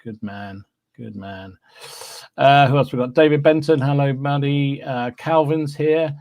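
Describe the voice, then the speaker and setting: A man's voice: mid-range voice, a little slow, darkish tone, dry recording. A man hosting a live podcast, chatting easily and greeting listeners one by one, with lots of fillers and little hums. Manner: chatty and easygoing, with many fillers and humming. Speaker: podcast host. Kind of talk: casual live-stream chat, reading out viewer names.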